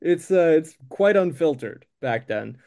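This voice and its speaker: A man's voice: on the high side, lively intonation, unhurried, creaky, a little mellow. A man improvising a comic story, with dry, wry asides. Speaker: co-player and timekeeper.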